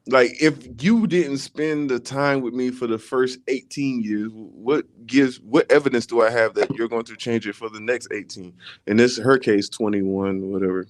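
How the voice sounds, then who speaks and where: A man co-hosting a podcast, laying out his reasoning in a measured way with frequent fillers. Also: medium pitch. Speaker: podcast co-host. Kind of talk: casual chat.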